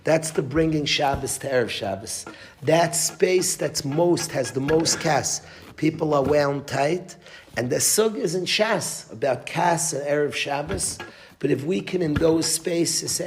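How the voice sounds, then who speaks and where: A man's voice: fairly high pitch, a little slow, background noise. A man giving a Torah class as a rabbi, emphatic, repeating phrases and restarting mid-sentence, with Yiddish and Hebrew terms.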